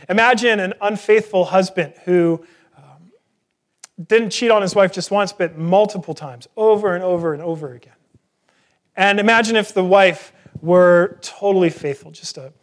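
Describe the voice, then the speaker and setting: A man preaching an earnest sermon, asking rhetorical questions and joking at his own expense. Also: high voice. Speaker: pastor.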